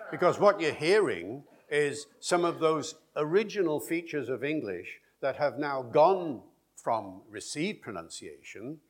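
A man giving a public lecture in a lively, discursive way, with chatty asides. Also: mid-range voice, slightly rough. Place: lecture hall with an audience.

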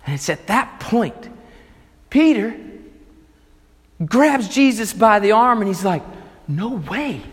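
A male pastor preaching a sermon, retelling a story with animated, emphatic delivery. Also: high-pitched, takes it slowly, long pauses, long reverb tail.

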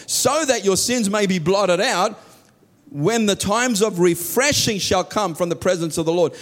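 A man delivers a sermon in a fairly high voice. He preaches earnestly, often sinking into soft, low tones to stress a point. He voices heartfelt prayers aloud as he goes.

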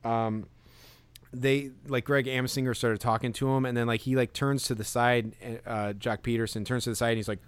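A man co-hosting a podcast, chatting casually with lots of fillers and animated retelling. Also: medium pitch, moderate pace, smooth, dry recording. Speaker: podcast co-host. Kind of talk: casual chat.

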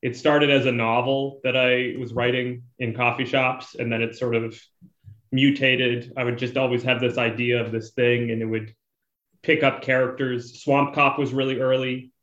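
A man's voice: mid-range voice, flat delivery, moderate pace, fairly bright tone, reverberant, highs cut off. A man from rural Canada, a comic book writer, rambling casually as a podcast guest. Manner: rambling, lots of likes and ums.

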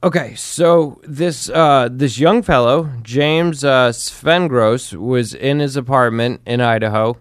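Smooth-voiced man telling a story. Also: mid-range voice, slow pace, hardly any pauses, dry recording, clean studio sound. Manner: animated storytelling, quotes people in acted voices. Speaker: podcast co-host. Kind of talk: casual chat.

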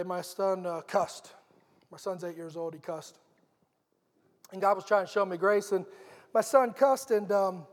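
A man's voice: sits high, in a large hall. A middle-aged man preaching a sermon in an earnest, conversational storytelling manner.

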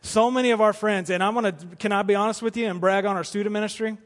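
A high-voiced male pastor preaches with fervor, his lines climbing to forceful peaks before falling into hushed, drawn-out appeals. The sound carries a long church-hall reverb around him. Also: steady tone. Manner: impassioned preaching, rising to emphatic peaks and dropping to soft pleas. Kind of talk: sermon. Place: church auditorium.

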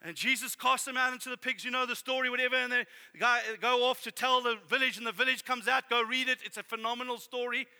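A man preaching a sermon in an animated, exclaiming way, sometimes running short of breath. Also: extremely high pitch, quick pace, few pauses, smooth. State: out of breath at times. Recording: reverberant hall.

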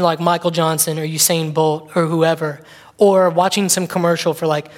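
A man preaching a casual, conversational sermon, rambling a little and acting out small scenes as he tells a story. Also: high voice. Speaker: pastor. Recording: long reverb of a large hall.

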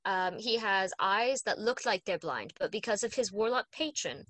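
A woman's voice: mid-range voice, animated, moderate pace, fairly bright tone. A woman who runs a tabletop game, talking casually and explaining her game at length with many fillers. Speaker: game master. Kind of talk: casual chat.

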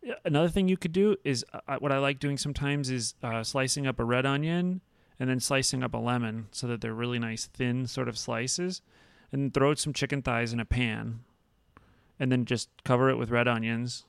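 A man's voice: medium pitch, normal speed, creaky, smooth, no echo. A man co-hosting a podcast in casual chat, rambling and joking with a lot of swearing. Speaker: podcast co-host.

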